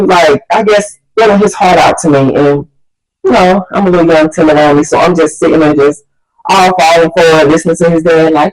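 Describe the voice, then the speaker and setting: A woman vlogger telling a story casually, animated and slangy, acting out the people she quotes. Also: low-pitched, brisk, rough recording.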